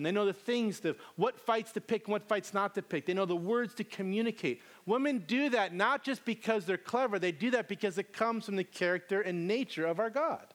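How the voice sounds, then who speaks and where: A man's voice: high voice, a bit bright. A man in his thirties preaching a sermon as pastor, telling humorous family stories with acted-out quotes.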